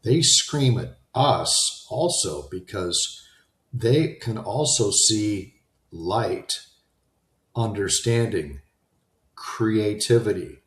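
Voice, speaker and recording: Man, deeper side, very slow pace, rambling conversational self-help talk. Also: lively intonation, echoey room. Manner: rambling, conversational, with repeated restarts. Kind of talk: unscripted motivational talk.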